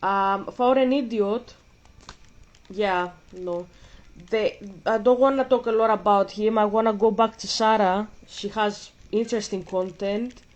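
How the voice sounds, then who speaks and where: A woman's voice: mid-range voice, fairly even intonation, unhurried. A woman vlogger ranting in casual commentary while gaming, blunt and profane, a bit out of breath.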